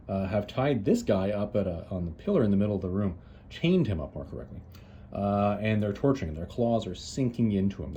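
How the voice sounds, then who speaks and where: A man's voice: on the low side, warm tone, highs cut off, a little hiss or hum. A man casually retelling a story as a host, chatty and loose, with lots of "uh"s and restarts. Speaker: comics reviewer, host.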